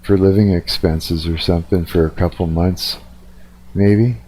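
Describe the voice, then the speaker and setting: A man's voice: sits low, steady tone, a little slow, dark tone. A man chatting casually on a live stream, a little tired, rambling and swearing freely. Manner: profane, rambling, restarts sentences. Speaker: livestreamer.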